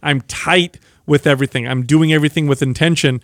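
A man's voice: a little high, steady tone, a little fast, a bit bright, no echo, studio quality. A man co-hosting a fitness podcast, walking listeners through exercises step by step. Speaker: podcast co-host. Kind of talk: casual fitness podcast chat.

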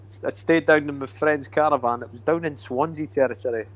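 A man's voice: a little high, brisk, a little hiss or hum. A middle-aged Scottish man hosting a podcast, chatting casually over drinks and rambling through stories with easy laughter. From Scotland. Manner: chatty, rambling storyteller who laughs easily. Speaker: podcast host, former footballer.

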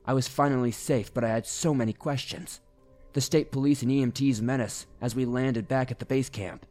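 A man tells a first-person horror story at a brisk pace, his middling-pitched voice steady and grave. Faint music runs beneath him the whole way through.

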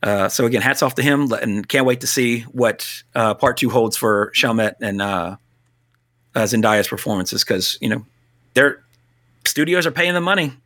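A man co-hosting a casual film talk, blunt and animated, swearing now and then. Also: medium pitch, moderate pace. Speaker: podcast co-host.

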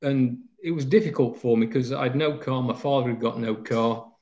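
A man from Nottinghamshire, England, reminisces about his footballing days in a rambling, anecdotal interview full of fillers. His mid-range voice is slightly mellow and moves at a normal speed. The recording sounds slightly dull and lo-fi.

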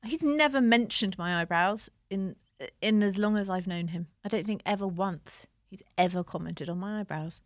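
A woman's voice: mid-range voice, normal speed, few pauses, dry recording. A woman in her forties co-hosting a casual chat, dry and matter-of-fact with a teasing edge. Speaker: podcast co-host.

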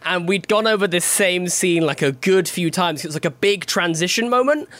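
A man's voice: high voice, moderate pace, no echo. A young man hosting a podcast, telling a story animatedly and laughing as he goes. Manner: animated, laughs through his stories. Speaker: podcast host. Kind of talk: casual chat, storytelling.

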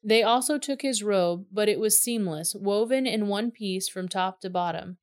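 A woman's voice: mid-range voice, moderate pace. Woman reading scripture steadily. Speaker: scripture reader.

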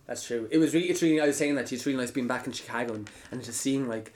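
Fast-talking Irish man hosting. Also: medium pitch, a little mellow. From Ireland. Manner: fast, joking, swears casually. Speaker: podcast host. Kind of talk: casual chat.

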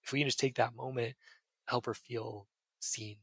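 A man's voice: medium pitch, steady tone, normal speed, creaky, fairly bright tone, slightly rough, no room sound. A man, a psychiatrist guest on a podcast, earnestly explaining ideas with everyday examples. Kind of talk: casual podcast advice.

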